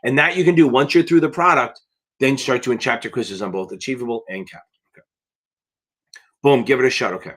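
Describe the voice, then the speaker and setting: A man's voice: medium pitch, fairly quick, long pauses, a bit bright. Blunt, emphatic man tutoring live. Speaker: exam prep tutor. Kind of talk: live Q&A stream.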